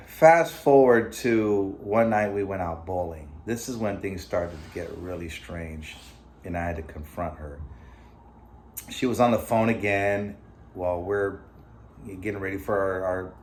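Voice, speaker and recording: Telling a personal story to his camera, the middle-aged vlogger speaks in a low, darkish voice, rambling casually with plenty of fillers and side comments. There's a slight hiss or hum in the recording.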